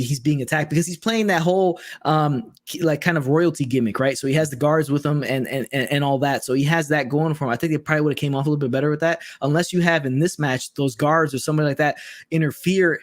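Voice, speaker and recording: A man hosting a casual podcast chat, rambling and often asking "right?". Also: a little high. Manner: rapid, rambling, asks "right?" a lot. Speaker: podcast host.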